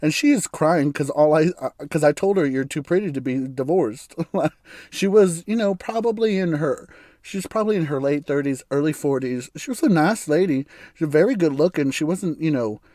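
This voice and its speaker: A man's voice: on the high side, lively intonation, normal speed, warm tone, dry recording, studio quality. American man rambling with a laugh. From United States. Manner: rambling, laughs often, sarcastic asides. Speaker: podcast host. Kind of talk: casual solo podcast monologue.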